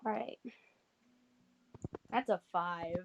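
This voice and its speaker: A woman playing a tabletop game over voice chat, playful and excitable, often laughing. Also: on the low side, drawn-out words, creaky, lo-fi sound. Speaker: player. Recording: background hiss.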